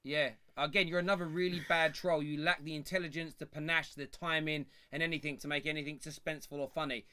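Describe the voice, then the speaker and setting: A man's voice: on the high side, clear, resonant tone. A man hosting a live football fan phone-in show, joking and mocking a troll caller. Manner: lively, quick to mock callers. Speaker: host.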